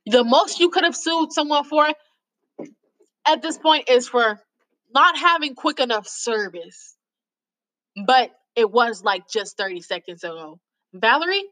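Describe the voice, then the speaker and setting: A woman's voice: high voice, animated, measured pace, pauses often, a bit bright, rough recording. A woman hosting a casual video, reading out stories and commenting on them in a mocking, exasperated way, sometimes stumbling over the text. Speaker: host reading out lawsuit stories.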